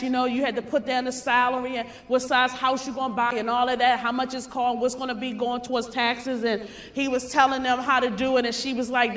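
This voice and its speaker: In a reverberant hall, a high-voiced woman rouses a sales convention with a sermon-like motivational address. She says her lines again and again, sometimes at a shout.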